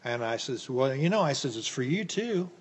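Husky older man, folksy and rambling. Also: medium pitch, very animated, moderate pace. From United States. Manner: folksy, rambling, with frequent fillers and restarts. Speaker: interview guest. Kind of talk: personal storytelling. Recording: echoey room with long reverb.

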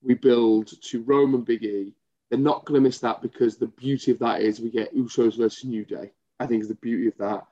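Bloke on a podcast, mellow dark voice, chimes in with lots of yeahs, bit dull lo-fi sound. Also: male voice, mid-range voice, steady tone. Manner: eager, quick agreeing interjections. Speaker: podcast co-host. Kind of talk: casual wrestling chat. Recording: slightly dull lo-fi audio.

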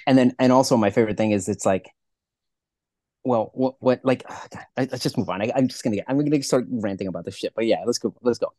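A man co-hosting a casual podcast chat, talking quickly and swearing freely as he rambles. His voice is dark and mellow, and the room sounds dry and close. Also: mid-range voice, no echo. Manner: fast, profane, rambling rants. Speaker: podcast co-host.

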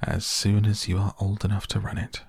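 Eccentric cheerful chocolate maker voiced by a man, gravelly, dry close sound, breezy. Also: sits low, normal speed, no echo, heavily acted. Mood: earnest.

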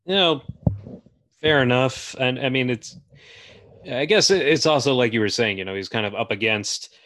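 A man's voice: mid-range voice, normal speed, fairly bright tone, no echo, clean studio sound. A man hosting a podcast, chatting casually about films with frequent fillers and restarts. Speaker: podcast host. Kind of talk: casual film discussion.

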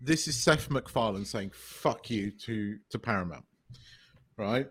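A man's voice: on the low side, expressive, unhurried, a bit bright, breathy edge. A man co-hosting a podcast in casual, emphatic chat, swearing now and then. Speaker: podcast co-host.

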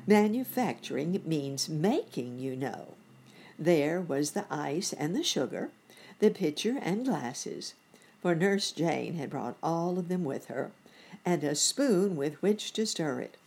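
A woman reading a bedtime story to children, with gentle chatty asides to the listener. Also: deep voice, big pitch swings, slow pace, gravelly, husky.

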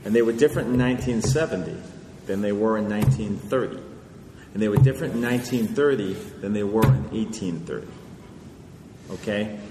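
In a large hall with an audience, a male author holds a live Q&A, responding in a conversational, lecturing style and often adding "okay?" to check in. His voice is lowish and his delivery brisk. The recording carries the hall's echo and faint noise.

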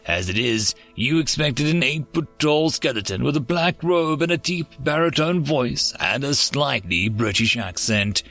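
Man doing ancient hooded Death, stern, formal, clipped, unhurried storybook voice. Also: medium pitch, animated, a bit bright, faint music behind.

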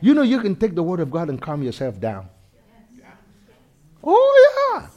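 A man preaching a sermon, animated, swinging from loud shouts to quiet intensity, laughing between lines. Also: high-pitched, measured pace, muffled recording. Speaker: pastor.

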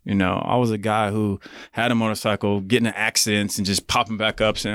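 A man in his thirties, a podcast guest, telling his story in a relaxed, casual way full of filler words. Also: on the low side, brisk, no echo, clean studio sound. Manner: relaxed, leans on fillers like "like" and "you know".

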